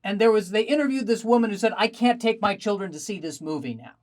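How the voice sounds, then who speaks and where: A man doing a stand-up comedy set, telling animated stories with self-deprecating asides, performing remotely over a video call. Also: high-pitched, fast.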